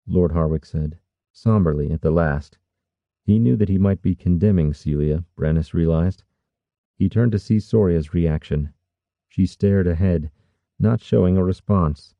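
A man narrating a fantasy audiobook in a measured, even storytelling manner. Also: low voice, no echo, lo-fi sound.

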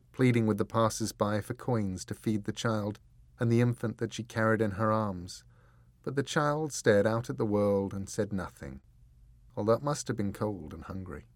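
A man reading an audiobook in measured, deliberate scripted narration, close to the mic. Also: fairly low pitch, no echo.

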